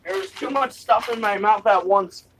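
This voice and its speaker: A young adult live streamer at home, chatting playfully with goofy noises and sudden loud outbursts. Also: medium pitch, normal speed, far from the mic, slight background noise, rough recording. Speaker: live streamer reviewing snacks. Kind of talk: silly, rambling live-stream chat. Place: indoors at home, other people upstairs.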